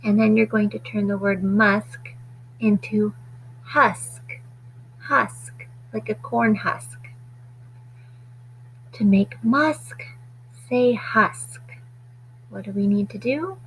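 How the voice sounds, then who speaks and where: A woman teaching a phonics lesson to children, stretching out sounds slowly and deliberately. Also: medium pitch, a little hiss or hum, poor audio.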